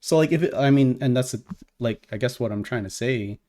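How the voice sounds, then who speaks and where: A man's voice: medium pitch, brisk, warm tone. A man co-hosting a podcast, telling a heated story in casual, profane chat. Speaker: podcast co-host.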